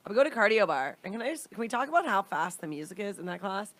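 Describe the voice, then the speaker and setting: Young woman co-host, mid-pitched, giggly and chatty, casual banter. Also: very animated, fast talker, a bit bright. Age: young adult. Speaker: podcast co-host. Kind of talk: casual chat.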